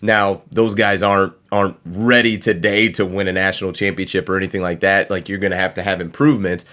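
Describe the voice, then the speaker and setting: Low-voiced man giving sports analysis. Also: level tone, bright, forceful tone. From Michigan. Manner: measured, hesitant with fillers. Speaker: co-host. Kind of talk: casual chat, sports analysis.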